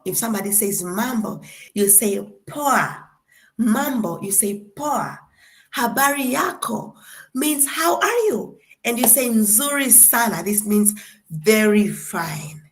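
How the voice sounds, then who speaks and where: A young woman from Tanzania teaches a class in a relaxed, chatty way. She repeats each word slowly and carefully so the students can follow. Her pitch sits in an ordinary middle range. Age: young adult. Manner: slow, deliberate drilling of words, playful and chatty. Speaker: guest lecturer.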